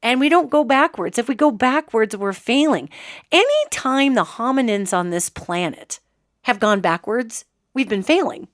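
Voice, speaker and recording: An emphatic woman host talks straight to her listeners in a loose, casual monologue, tossing in sarcastic asides. Her voice sits a little high. The sound is close and dry, with no room echo. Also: animated, moderate pace. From United States. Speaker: host and psychic.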